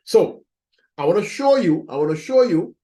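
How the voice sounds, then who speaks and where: A man's voice: high-pitched, very animated, normal speed, dark tone. A man teaching accounting in a recorded lecture, talking students through entries step by step, repeating his points and checking in with "right?". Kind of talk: screen-recorded lecture walkthrough.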